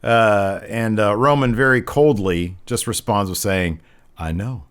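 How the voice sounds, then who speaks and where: A man's voice: fairly low pitch, a little slow, fairly bright tone, clean tone. A man co-hosting a casual wrestling review show, retelling a segment at length with lots of "uh" fillers. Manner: recaps at length with many fillers. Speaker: podcast co-host.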